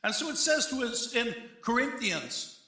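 A high, lively male voice preaching a sermon, bright and forceful in tone. He talks to the congregation casually, tossing in asides and rhetorical questions. The sound rings around a roomy church. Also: measured pace, gravelly. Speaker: pastor. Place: church sanctuary.

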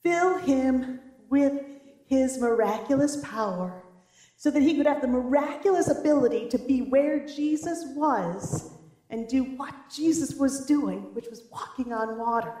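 A woman pastor preaching a sermon, telling the story in a lively, animated way. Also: high voice, unhurried. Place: church. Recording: roomy church echo.

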